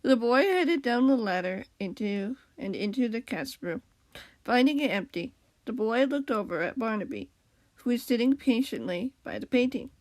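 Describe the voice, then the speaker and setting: A young woman reads a story aloud casually, with a slightly high voice. She drops in playful asides now and then. The sound is close and dry. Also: big pitch swings, moderate pace, a little mellow, dry recording. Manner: chatty asides, laughs at her slips. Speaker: reader.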